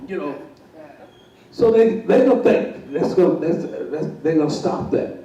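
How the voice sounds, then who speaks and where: A man's voice: fairly high pitch, animated, measured pace, mellow, muffled recording. A man telling a comic story on stage, chuckling, repeating himself and acting out the voices. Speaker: guest storyteller. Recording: very echoey room, voice far from mic.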